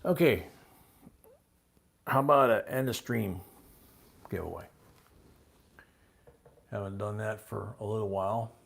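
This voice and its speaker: Gravelly-voiced older man hosting an auction stream. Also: fairly low pitch. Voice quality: gravelly and husky. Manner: rambling, chuckling, calls bids in a louder slow drawl. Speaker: live auction host. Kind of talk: casual live-stream auction chat.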